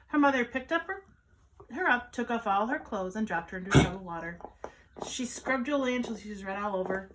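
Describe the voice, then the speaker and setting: A woman, a children's caregiver, reading a picture book aloud to children in an animated, sing-song storytelling manner. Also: on the high side, a little fast, low-quality recording.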